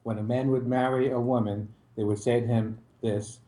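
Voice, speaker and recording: A man in a class reading a passage slowly and carefully. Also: medium pitch, little pitch movement, warm tone, reverberant, rough recording. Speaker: class participant reading a text.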